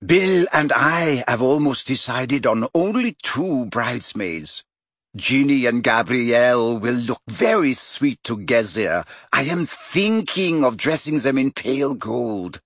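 A vain young woman, voiced by a man, chattering on about herself with lively swoops in pitch. husky and dry. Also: slow, dry recording, heavily acted. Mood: gushing. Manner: gushing, in full flow.

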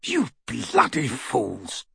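A gruff old barman with a husky, raised voice that swings widely in pitch, bellowing defiance, as a man reads him aloud. He is blunt and scornful in a storybook reading, close and dry on the mic. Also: wildly swooping pitch, extremely slow, no echo, heavily acted. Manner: shouting, blunt and sarcastic. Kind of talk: audiobook character reading.

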